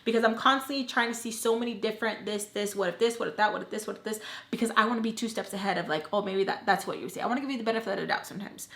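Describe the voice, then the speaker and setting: Young woman, storytime vlogger, chatty, animated, roomy echo. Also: on the high side, racing, few pauses. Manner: chatty, animated, lots of "like" fillers. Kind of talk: casual storytelling.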